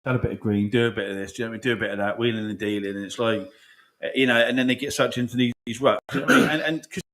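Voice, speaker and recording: A man's voice: mid-range voice, racing, a bit bright. A young man hosting a podcast, chatting casually, rambling and swearing often, with frequent "do you know what I mean". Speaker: podcast host. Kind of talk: casual chat.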